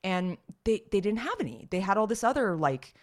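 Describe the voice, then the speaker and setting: A woman chatting casually as a podcast co-host, animated and rambling with lots of fillers. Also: medium pitch, brisk. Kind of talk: casual chat.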